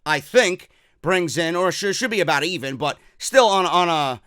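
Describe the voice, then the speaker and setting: A man hosting a wrestling talk show, ranting in an excitable, profane, rambling way. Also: fairly high pitch, moderate pace, clean tone, no echo. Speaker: wrestling podcast host. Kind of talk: casual opinion rant.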